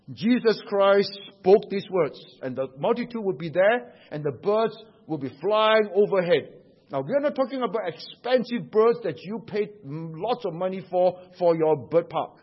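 A man preaches an emphatic sermon in a high, slightly husky voice. He explains scripture line by line and keeps asking rhetorical questions. The recording sounds dull and lo-fi.

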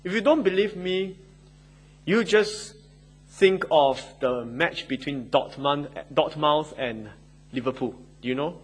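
A man preaching a sermon, emphatic and expressive, with conversational asides to his listeners. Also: on the high side, slow pace, slightly rough, poor audio. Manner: emphatic, rising and falling between quotes and asides.

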